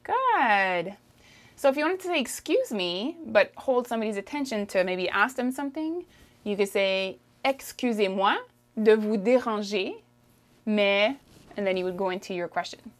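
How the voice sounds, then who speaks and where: A woman with a Canadian French accent gives a French lesson, drawing phrases out slowly so the listener can repeat them. Her medium-pitched voice is animated, and she keeps checking in with "okay?" during the pronunciation drills.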